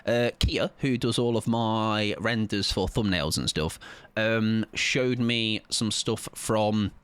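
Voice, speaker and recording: A man's voice: on the low side, takes it slowly, fairly bright tone, smooth, no room sound. A man streaming a game, reading out chat and rambling casually with swearing and laughs. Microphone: desk mic at his PC.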